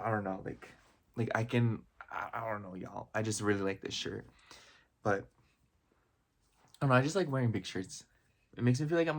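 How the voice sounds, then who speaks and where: A young man vlogging in a comedic parody style, gushing and rambling with constant "like" fillers. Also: on the low side.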